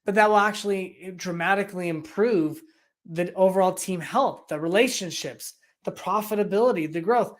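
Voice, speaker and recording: A business coach giving an energetic, enthusiastic explanatory talk, full of rhetorical questions. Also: medium pitch, moderate pace. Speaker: business coach and EOS implementer.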